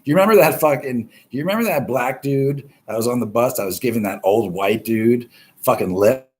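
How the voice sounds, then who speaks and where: A man's voice: mid-range voice, brisk, darkish tone. A man hosting a live stream, chatting casually about the news in a rambling, heavily profane way. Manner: profane, rambling, swears constantly.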